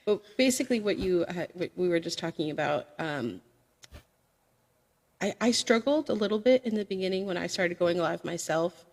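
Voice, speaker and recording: A woman's voice: on the low side, lively intonation, normal speed. Chatty woman with long reverb. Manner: frank, chatty, sassy asides. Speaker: karaoke live streamer, guest. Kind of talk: casual podcast chat.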